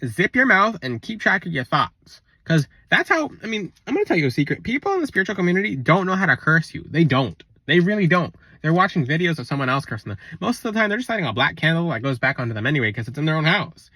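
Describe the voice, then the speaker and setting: A man's voice: fairly high pitch, very animated, quick pace, few pauses, pushed and bright, husky, no room sound. A man talking in a casual spiritual vlog, blunt and rambling, on a close mic. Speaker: spiritual content creator.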